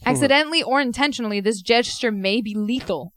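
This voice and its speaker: A woman's voice: a little high, fast, a bit bright, dry recording. A woman co-hosting a podcast who reads trivia aloud and quips about it. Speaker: podcast co-host. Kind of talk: casual podcast banter.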